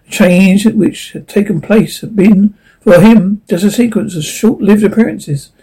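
A narrator reading a classic animal novel aloud in a gentle, lilting way. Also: mid-range voice, a little slow, breathy edge, low-quality recording. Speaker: audiobook narrator. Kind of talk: storybook narration.

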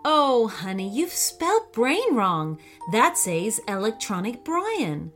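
A woman reading a storybook aloud, voicing a gentle mother who speaks reassuringly. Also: fairly high pitch, sing-song, takes it slowly, soft background music, exaggerated voice. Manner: soothing, reassuring.

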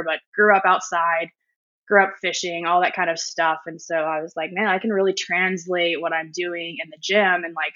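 A friendly, chatty woman guest with a low-pitched yet bright, forceful voice. Her audio sounds dull and slightly lo-fi. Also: no echo. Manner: friendly, chatty, many fillers. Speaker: strength and conditioning coach, guest. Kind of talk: casual interview talk.

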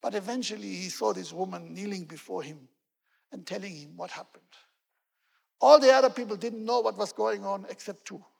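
Male pastor, sermon, gravelly husky voice, earnest storytelling, repeats words for emphasis. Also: sits high, moderate pace, a little mellow, long reverb tail. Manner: earnest storytelling, fillers like "you know", emphatic repetition.

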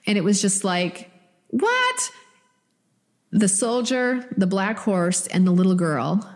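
A middle-aged woman co-hosting a podcast, telling a personal story in a lively, casual way. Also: mid-range voice, a little slow, in a large hall. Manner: animated storyteller, acts out quoted voices. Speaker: podcast co-host.

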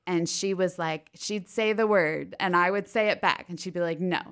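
Chatty woman from Pennsylvania, lowish voice. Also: moderate pace, a bit bright, smooth. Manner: chatty, frequent "like" fillers, laughs often. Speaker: podcast guest, stage actress. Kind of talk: casual interview chat.

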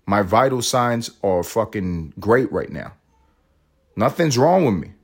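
A man's voice: fairly low pitch, sing-song, measured pace, breathy edge. A man in his thirties hosting a solo podcast, rambling casually and swearing constantly between jokes. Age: 30s. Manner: rambling, profane, joking. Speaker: podcast host.

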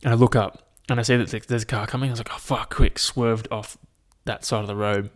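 A man's voice: lowish voice, fairly even intonation, fairly quick. A young man, chatting casually to his audience in a rambling, sweary rant. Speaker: vlogger. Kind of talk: casual chat. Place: at home, at a laptop.

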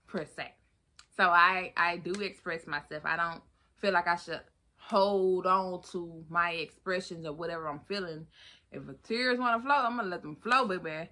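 A woman hosting her own podcast in a casual solo chat, animated and expressive, calling listeners honey and baby. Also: on the low side. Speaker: podcast host.

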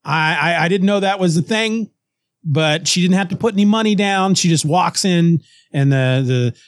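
A man co-hosting a podcast, casually retelling a comic story with lively restarts and snippets of character voices. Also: high-pitched, moderate pace, no echo, clean studio sound. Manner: animated retelling, acts out characters' lines, frequent restarts. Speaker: podcast co-host.

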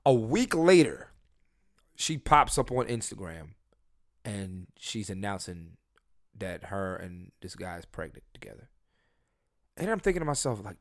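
A man hosting a podcast, telling his dating stories in a casual, profane way and swinging between loud and soft. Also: on the low side, sing-song, a little slow, long pauses, no echo, clean studio sound. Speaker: podcast host. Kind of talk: casual storytelling chat.

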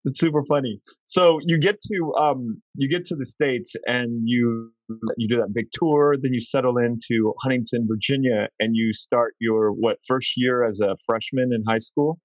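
A male podcast host asks long, winding questions in a relaxed, curious way. His voice has an ordinary middle pitch. The recording is dry and close, with no room sound. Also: moderate pace, few pauses, no room sound, lo-fi sound. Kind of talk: casual interview chat.

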